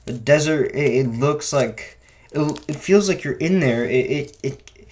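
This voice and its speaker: A man's voice: medium pitch, a little slow, darkish tone, a little hiss or hum. Rambling young man reviewing a film. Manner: rambling, many restarts and self-corrections. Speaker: movie reviewer. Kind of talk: casual unscripted film review.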